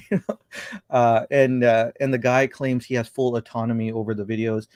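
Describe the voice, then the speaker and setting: A man's voice: mid-range voice, flat delivery, normal speed, darkish tone, dry recording, studio quality. A man hosting a casual livestream chat, rambling and thinking aloud as he talks. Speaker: show host.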